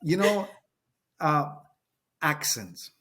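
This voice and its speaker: A man's voice: a little high, very animated, extremely slow, a bit bright. A man with a Colombian Spanish accent, a Spanish teacher talking earnestly in a podcast interview and sometimes searching for words.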